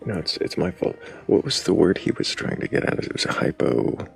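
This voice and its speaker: A male livestream host with an exceptionally deep, heavily gravelly voice. His intonation moves a lot as he asks direct, probing questions. The tone is casual. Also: big pitch swings, fairly quick, soft background music. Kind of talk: casual livestream talk and interviewing.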